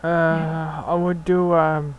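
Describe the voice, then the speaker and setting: High-voiced young man laughing through a game. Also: level tone, takes it slowly, dull audio, slight background noise. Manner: laughs often, swears, jokey. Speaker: let's play player. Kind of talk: casual gaming commentary.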